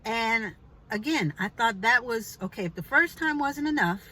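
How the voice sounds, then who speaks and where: A woman's voice: on the high side, expressive, normal speed, bright, forceful tone, rough recording. A woman telling a personal story in a chatty, emphatic way, with pointed asides to the listener. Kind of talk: casual storytelling vlog.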